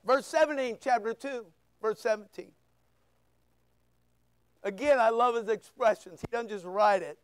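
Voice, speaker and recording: A male pastor preaching a sermon, firing rhetorical questions and sharp asides at his congregation. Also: extremely high pitch, unhurried, pauses often, clear, resonant tone, dry recording. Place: church.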